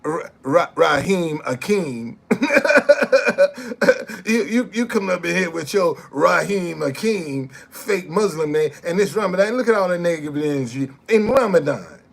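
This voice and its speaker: A man's voice: high voice, expressive, a little slow, vocal fry. A man, ranting on a casual live stream, repeating himself and heckling commenters. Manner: repeats phrases, heckles chat commenters, laughs loudly.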